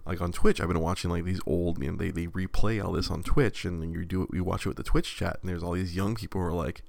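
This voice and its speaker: A man's voice: deep voice, fairly even intonation, quick pace, creaky, a little mellow, dry recording. A young man co-hosting a podcast in casual chat, rambling with many restarts and fillers. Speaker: podcast co-host.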